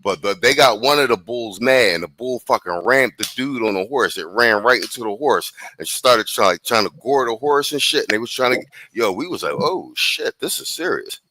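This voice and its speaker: A man telling a story on a casual podcast stream, full of slang, laughs and quick restarts. His voice is bright and forceful, and it sits close and dry with no room around it. He talks at a middle pitch. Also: no room sound. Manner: animated, slangy, laughs often, restarts lines. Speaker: podcast host. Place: live stream from abroad.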